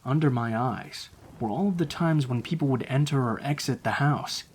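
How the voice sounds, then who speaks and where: A man narrating true horror stories in a calm, low-key scripted reading. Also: normal speed, a little hiss or hum.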